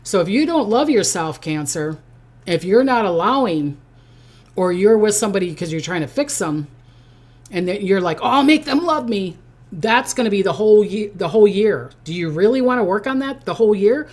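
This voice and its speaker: Chatty psychic lady doing a live horoscope, repeats herself a lot, middle-pitched voice. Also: lively intonation, normal speed, darkish tone. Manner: chatty, repeats phrases, reads viewer comments aloud. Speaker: psychic reader. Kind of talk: casual live horoscope reading.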